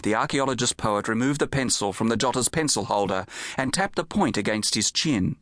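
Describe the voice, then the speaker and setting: Male storyteller, audiobook narration, animated intonation, dry close studio mic. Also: medium pitch, a little fast, no echo. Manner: lively, expressive storytelling. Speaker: author and narrator.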